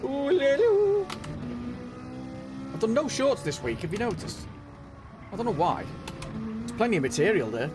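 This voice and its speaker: A northwest England man with a mild Merseyside accent rambles chattily while hosting his sim racing live stream, again and again saying "know what I mean." His high-pitched voice is sing-song and a little fast, broken up by frequent pauses. Game music runs beneath the stream.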